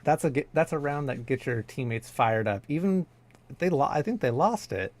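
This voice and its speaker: A man's voice: on the high side, animated, normal speed, darkish tone, dry recording. A man co-casting an esports match in easygoing chat, modest about his own skill. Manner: easygoing, self-deprecating. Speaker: esports caster. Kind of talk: casual commentary chat.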